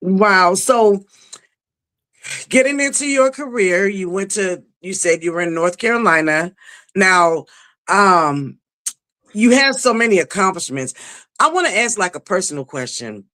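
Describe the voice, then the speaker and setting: Woman host, chatty and teasing, lots of yeah and right, middle pitch. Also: animated, a little slow, fairly bright tone. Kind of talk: casual interview.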